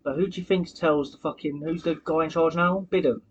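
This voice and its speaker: A man's voice: a little high, fairly even intonation, brisk, husky, muffled recording. A young man, insisting on his theories in casual podcast chat, swearing along the way. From United Kingdom. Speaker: podcast co-host.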